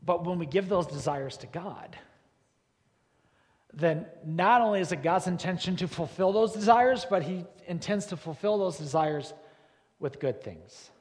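A pastor preaching to his congregation, his voice sitting a little higher than most men's. He presses his points with repeated words and climbs to loud, emphatic peaks. The long reverb of a large church hall trails after every phrase. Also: unhurried. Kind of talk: sermon. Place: church sanctuary.

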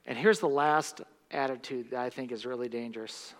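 A man preaching a sermon as pastor, impassioned, swinging from hushed words to loud bursts. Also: medium pitch, brisk. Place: church sanctuary. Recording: long reverb of a church hall.

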